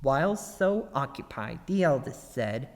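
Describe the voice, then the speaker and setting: A man reading a fairy tale aloud as a storybook narrator, expressive and unhurried. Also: mid-range voice, big-room sound, rough recording. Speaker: story reader.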